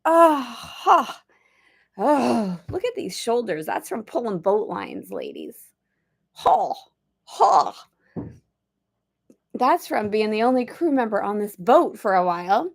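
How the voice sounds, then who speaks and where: A middle-aged woman hosts a casual livestream, chatty and upbeat as she rambles through playful asides. Her voice sits at an ordinary pitch but carries a steady gravelly fry. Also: measured pace, pauses often. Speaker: host of a spiritual study livestream. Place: on a boat.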